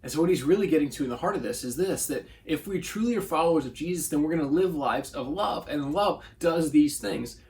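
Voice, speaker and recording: A man with a fairly high speaking voice preaches a brief devotional. He talks earnestly and conversationally, reading scripture aloud and slipping into quoted voices as he goes. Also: animated, a little fast, few pauses, darkish tone. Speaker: pastor. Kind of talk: short devotional sermon.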